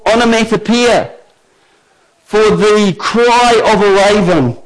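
Male preacher, high voice, slow and emphatic sermon delivery. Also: rough recording. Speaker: pastor.

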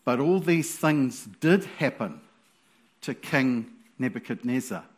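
A man preaching a sermon in an animated, playful way, with sudden loud exclamations. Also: medium pitch, takes it slowly.

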